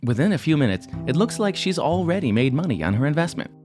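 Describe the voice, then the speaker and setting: A podcast host narrating a scripted story in a measured way. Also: mid-range voice, big pitch swings, a little mellow. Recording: narration over guitar music.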